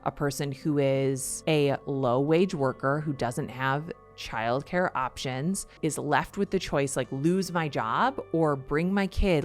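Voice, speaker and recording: A middle-aged woman hosting a podcast, telling a personal story in an earnest, confessional way with rushed restarts. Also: low voice. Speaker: podcast host.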